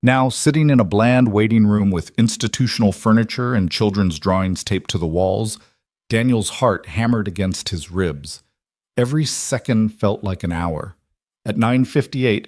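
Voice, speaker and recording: Low-voiced man narrating a story. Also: animated, normal speed, darkish tone, no room sound, studio quality.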